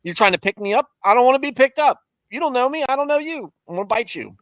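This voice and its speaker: A man voicing a frightened, cranky squirrel that threatens to bite, in a squeaky raised voice. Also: lively intonation, quick pace, fairly bright tone, no echo. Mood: defensive.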